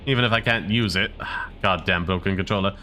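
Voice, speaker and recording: A man with a mixed British and American accent chats through a game stream. He rambles loosely and fills pauses with fillers. His voice is sore, yet bright and forceful, in a lowish register. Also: a little hiss or hum. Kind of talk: casual gameplay commentary.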